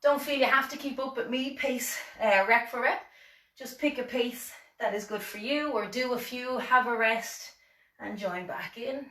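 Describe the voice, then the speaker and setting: A woman's voice: a little high, measured pace, a bit bright. A woman with an Irish accent leading a seated exercise class, encouraging and counting reps with light self-deprecating asides. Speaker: fitness instructor. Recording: echoey room, voice from far off.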